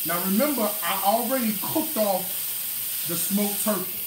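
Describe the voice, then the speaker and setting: Chatty, slow-talking man in an echoey kitchen. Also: high-pitched, far from the mic, noisy background. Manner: chatty and exclamatory, addresses viewers directly. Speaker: cooking show host and cookbook author. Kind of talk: casual cooking demonstration. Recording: echoey room.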